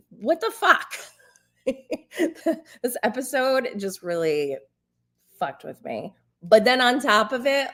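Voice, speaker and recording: A woman casually recapping a reality TV episode, chatty and sarcastic, often laughing, swearing freely and mocking people in a squeaky quoted voice. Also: a bit bright. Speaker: host.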